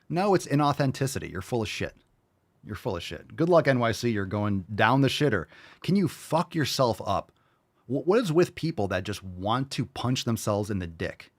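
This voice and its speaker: A man's voice: mid-range voice, dry recording. A man hosting a reaction show, ranting bluntly and mockingly with lots of swearing. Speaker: host reacting to videos.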